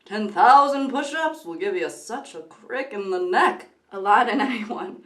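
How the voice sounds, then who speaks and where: Giggly and prone to cutting herself off for tangents, a young woman rambles through casual vlog commentary in an echoey room. Her medium-pitched voice is fairly bright, with lively intonation and an unhurried pace.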